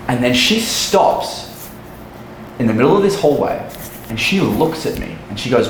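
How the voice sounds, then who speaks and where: A man's voice: medium pitch, sing-song, moderate pace, slight background noise. A young man, a dating coach, telling a story casually in a blunt, profane way. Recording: echoey room.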